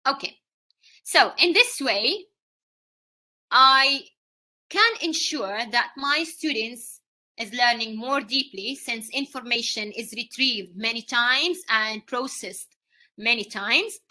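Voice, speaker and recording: Bright-voiced woman presenting on teaching. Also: on the high side, expressive, takes it slowly. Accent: Saudi Arabian. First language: Arabic. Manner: explains with questions to the audience, frequent fillers and "okay?" checks. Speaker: English teacher giving a conference talk. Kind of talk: live teacher-training presentation.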